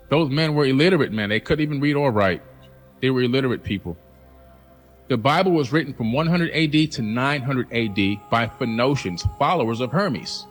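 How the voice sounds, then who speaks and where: A man delivering an emphatic, challenging monologue, acting out quoted voices now and then. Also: fairly bright tone. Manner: emphatic, acts out quoted voices in a higher pitch. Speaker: host. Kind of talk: passionate monologue.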